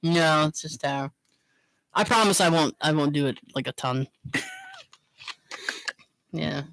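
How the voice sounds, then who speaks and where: A woman co-hosting a podcast in casual chat, chatty and quick to laugh. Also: sits low, no echo, rough recording. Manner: animated, laughs often, chatty. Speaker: podcast co-host.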